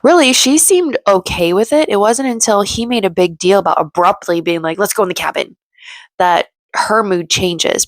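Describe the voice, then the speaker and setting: A woman's voice: on the low side, dry recording. A woman recapping a reality show in a chatty, opinionated way, acting out the quotes. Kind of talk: casual commentary recap.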